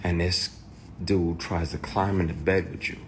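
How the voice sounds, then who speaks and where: A man's voice: low-pitched, steady tone, a little slow, slight background noise. A man telling a personal story in a candid, profane way, heated and blunt. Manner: profane, heated, shouts in retold quotes. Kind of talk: candid personal account to camera.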